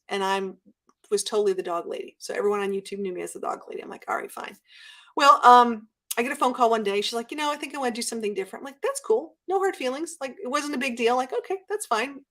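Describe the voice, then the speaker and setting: A woman guest chatting casually in an interview, telling stories with lively acted-out quotes. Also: medium pitch, fast talker. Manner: animated storyteller, acts out quotes. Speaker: guest YouTuber.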